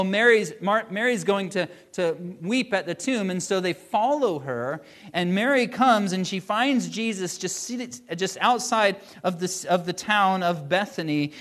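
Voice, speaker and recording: A male pastor with a fairly high voice delivers a sermon. He speaks earnestly, slowing down to stress key phrases and letting his voice rise and fall. The tone is warm, sincere and steady.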